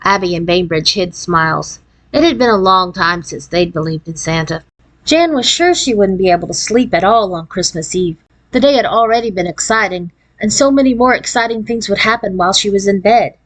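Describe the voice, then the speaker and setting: A woman reading a children's chapter book aloud in an expressive storybook cadence. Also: medium pitch, rough recording. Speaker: read-aloud narrator.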